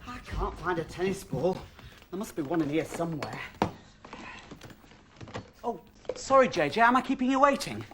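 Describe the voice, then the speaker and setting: A woman's voice: on the low side, very animated, moderate pace, pauses often, noisy background. A woman voicing an eager, boastful sporty character in a children's show. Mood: cheery.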